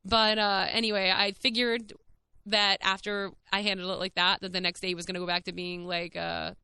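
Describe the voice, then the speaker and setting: A woman hosting her own podcast, telling a personal story in a candid, casual way, animated and full of "like" and the odd swear word. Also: mid-range voice, a little fast, gravelly, clear, resonant tone, no room sound, clean studio sound. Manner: frank, animated, heavy use of "like". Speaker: podcast host.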